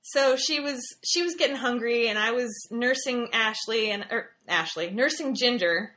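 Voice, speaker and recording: A woman speaks as an interview guest in a bright, fairly high voice. She talks casually and emotionally and often repeats words as she tells her story. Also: moderate pace.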